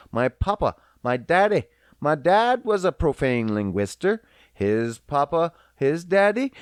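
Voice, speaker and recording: Profane, animated man ranting slowly. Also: fairly high pitch, no room sound, studio quality. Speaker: podcast host. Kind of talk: casual comedic rant.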